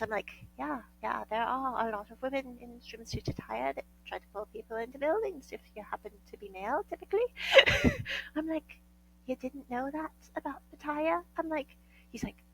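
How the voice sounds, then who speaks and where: A chatty woman from the United States tells a story in a slightly high voice, laughing often as she acts out both sides of conversations. Her tone stays casual and storytelling. A faint hum sits under the recording. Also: animated, normal speed, creaky, low-quality recording.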